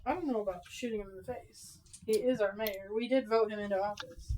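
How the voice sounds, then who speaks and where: A woman playing a tabletop game, chatting casually and answering quickly in character. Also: medium pitch, a little mellow, slight background noise, poor audio. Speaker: player.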